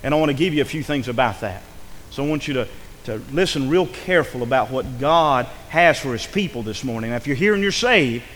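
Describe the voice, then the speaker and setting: A man's voice: mid-range voice, lively intonation, brisk, a bit bright, slight background noise. A male pastor preaching a fervent sermon in a church, swelling into impassioned calls to the congregation. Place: church sanctuary. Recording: reverberant church hall.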